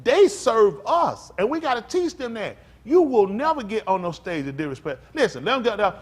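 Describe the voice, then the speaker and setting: A man speaking as a pastor in an emphatic, preacherly talk, often building up to loud outbursts. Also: high voice, sing-song, normal speed, few pauses.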